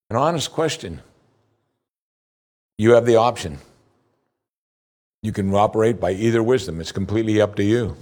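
A man preaching a sermon, reading scripture slowly and pressing his points with rising emphasis. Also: darkish tone. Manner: earnest, rises in pitch for emphasis, slows for scripture reading.

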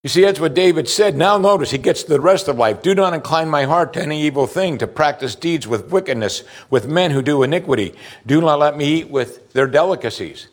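A man's voice: a little high, lively intonation, brisk, few pauses. A man preaching a sermon as pastor, putting direct questions to his listeners with emphasis.

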